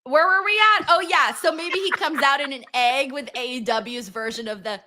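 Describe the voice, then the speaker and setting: Young female co-host, bright and a touch high, playful, laughs a lot, swears casually. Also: normal speed. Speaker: co-host of a wrestling watchalong stream. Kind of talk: casual chat.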